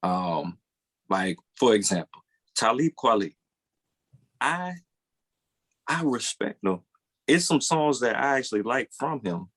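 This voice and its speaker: A man's voice: medium pitch, very animated, unhurried, long pauses, a bit bright. A man co-hosting a podcast in casual chat, rambling and restarting his thoughts. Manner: rambling, restarts, hedging with "or whatever". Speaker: podcast co-host.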